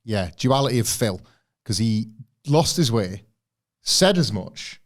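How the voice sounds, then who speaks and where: A young man co-hosting a casual wrestling review podcast. He talks in an animated way and acts out wrestlers' lines in put-on voices. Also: fairly low pitch, unhurried. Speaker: podcast co-host.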